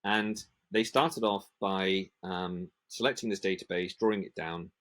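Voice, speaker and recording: A man from the UK with a fairly low voice speaks in a podcast interview. He talks with passion about his trade and slips into lively acted-out dialogues as he goes. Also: unhurried. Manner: passionate, acts out sales dialogues in animated voices. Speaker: print industry association manager.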